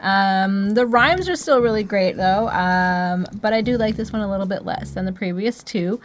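A woman co-hosting a casual album review, speaking hesitantly and filling pauses with ums. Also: mid-range voice, slight background noise. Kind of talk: casual music review chat.

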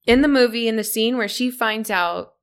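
A woman's voice: fairly high pitch, normal speed. A woman in casual chat, puzzled and questioning, laughing easily as she talks. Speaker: podcast co-host.

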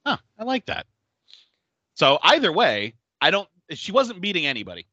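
A man's voice: high voice, moderate pace, husky, no room sound, muffled recording. A man hosting a podcast in casual chat, recapping a horror film with frequent laughter and plenty of swearing. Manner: animated, laughing often, swears freely. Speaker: podcast host.

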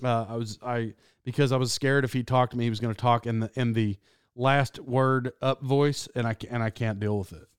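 A man in his thirties telling rambling, animated stories in a casual monologue as a podcast host. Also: mid-range voice, brisk, smooth, no echo, clean studio sound. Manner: rambling, animated storytelling with laughs.

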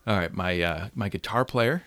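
A man's voice: low voice, moderate pace, fairly bright tone, no echo. A man playing along in an improvised comedy scenario, eager and agreeable. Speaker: guest player in an improvised scenario. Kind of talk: casual improvised comedy chat.

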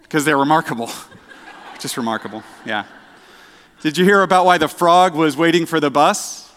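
A man preaching a casual sermon, chatty and self-deprecating, with halting restarts and dad jokes. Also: a little high, bright, forceful tone. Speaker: director of outreach, preaching. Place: church sanctuary. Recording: echoey church hall.

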